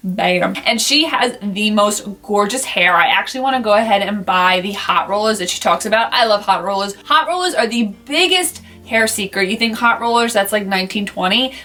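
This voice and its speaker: A woman's voice: medium pitch, pushed and bright. A young adult woman chatting casually through a beauty favorites review, enthusiastic and rambling with lots of asides. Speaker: beauty vlogger. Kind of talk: casual product review chat.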